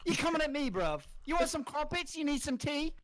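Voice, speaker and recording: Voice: sits high, sing-song, a little fast, a crowd in the background, voice pushed up. A speaker putting on a cocky British bloke, taunting and mock-tough. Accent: put-on British. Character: cocky young British bloke picking a fight.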